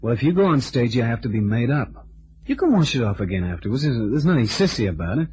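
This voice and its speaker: An actor playing a casual, reassuring detective in a vintage radio drama. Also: male voice, mid-range voice, big pitch swings, fast, darkish tone, close to an everyday voice. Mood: easygoing. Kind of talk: 1950s radio drama acting. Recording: dull vintage radio recording.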